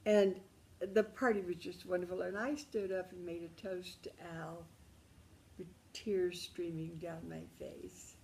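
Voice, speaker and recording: Older woman storyteller, gravelly unhurried voice, intimate, slips into whispers. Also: lowish voice, fairly even intonation, darkish tone, a little hiss or hum, low-quality recording. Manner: intimate, emotional, calls the listener darling, drops into whispers. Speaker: memoir storyteller. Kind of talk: personal storytelling.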